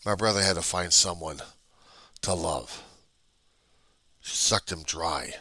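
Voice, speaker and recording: Man, extremely deep voice, husky, sharp edge, raw swearing monologue, personal video diary. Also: slow, no room sound. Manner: raw, agitated, profanity-laced, repetitive. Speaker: video diarist. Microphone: computer webcam.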